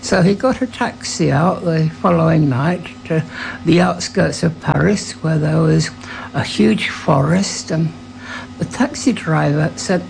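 A radio presenter telling a relaxed anecdote before playing a record, with a few hesitant fillers. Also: mid-range voice, a little slow, vocal fry, slight background noise, low-quality recording. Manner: relaxed storytelling with fillers and acted quotes.

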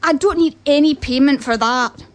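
A woman's voice: high voice, moderate pace, natural voice. A woman voicing a humble, kind poor farmer with a put-on Scottish accent.

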